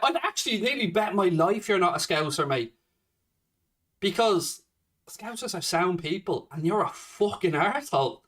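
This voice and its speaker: A man's voice: high-pitched, animated, moderate pace, a bit bright, distant mic. Swearing man ranting on a livestream. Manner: swears a lot, confrontational rant at a commenter. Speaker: livestream host. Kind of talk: casual fan livestream chat.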